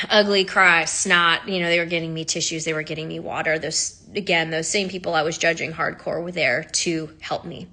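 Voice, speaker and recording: A woman's voice: sits low, fairly even intonation, moderate pace, sharp tone. A woman who teaches sound healing, talking candidly and with feeling, with frequent laughs and the odd swear word. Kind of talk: casual storytelling monologue.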